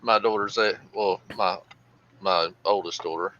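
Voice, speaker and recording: Low, bright-edged former cop. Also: male voice, fairly even intonation, measured pace, slight background noise. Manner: storytelling, blunt, mild cursing. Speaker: podcast co-host, former police officer. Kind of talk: casual chat. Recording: slightly dull, lo-fi sound.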